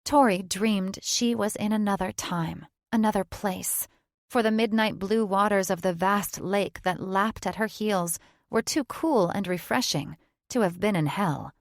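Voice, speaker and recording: A woman narrating a fantasy audiobook in a measured, even storytelling manner, recorded in a studio booth. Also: medium pitch, no echo.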